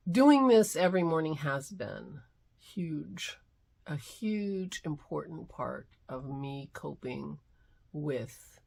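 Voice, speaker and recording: A middle-aged woman hosting her daily vlog, talking heartfelt and soft, sometimes dropping to near-whispers. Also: low-pitched, gravelly, breathy edge. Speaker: vlog host. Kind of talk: casual morning vlog talk.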